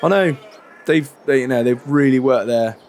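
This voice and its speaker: A man, chatting in a relaxed, rambling way during a farming game roleplay. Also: mid-range voice, moderate pace. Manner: relaxed, chatty, many fillers and restarts. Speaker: roleplay creator.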